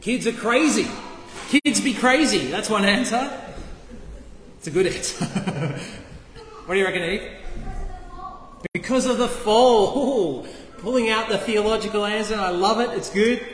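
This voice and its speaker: A man's voice: high voice, a little slow, long pauses, slight background noise. A man preaching as a pastor, playfully quizzing the children during a sermon. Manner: playful, asks the kids questions. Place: church. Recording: echoey church hall, faint ambience.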